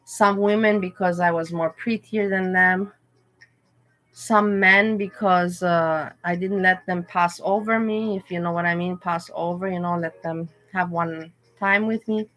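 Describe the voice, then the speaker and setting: A woman livestream host talks casually, frankly and emotionally, rambling through candid personal stories. Her voice is lowish and a bit bright, with a steady tone and measured pace.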